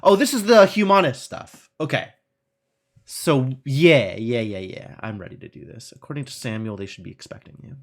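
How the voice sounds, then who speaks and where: A man streaming a game, reading its text aloud and thinking out loud in a wry, self-mocking way. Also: medium pitch, normal speed.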